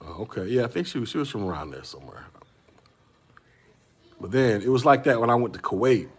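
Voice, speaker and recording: A man's voice: lowish voice, lively intonation, brisk, slightly rough. A man from Central Florida hosting a casual tech stream, rambling through stories and calling his viewers y'all. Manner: rambling storyteller, slangy, addresses chat as y'all. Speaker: tech podcast host. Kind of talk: casual livestream chat.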